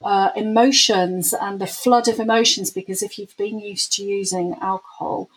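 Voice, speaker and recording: Woman, interview host. Slightly husky voice. Encouraging, thinks aloud, restarts her sentences. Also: medium pitch, fairly even intonation, moderate pace, low-quality recording. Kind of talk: casual interview chat.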